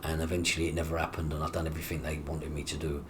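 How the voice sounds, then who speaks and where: A middle-aged man, his voice sitting very low. He tells his story as a guest in an interview, acting out the dialogue with plenty of swearing. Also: racing, noisy background. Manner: animated, acts out quoted dialogue with coarse swearing.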